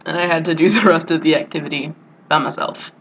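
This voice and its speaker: A young adult woman vlogs from her college dorm room, her voice low-pitched, a bit bright and fast. She rambles in a casual monologue, mocking herself, swearing freely and peppering it with "like" and "you know." The low-quality recording has slight background noise.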